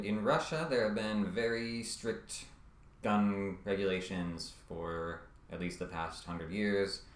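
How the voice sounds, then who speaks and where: Male commentator, deep voice, halting and wry, roomy sound. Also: a bit bright. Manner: hesitant, many ums and uhs, wry asides. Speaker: video essayist. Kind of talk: casual scripted commentary.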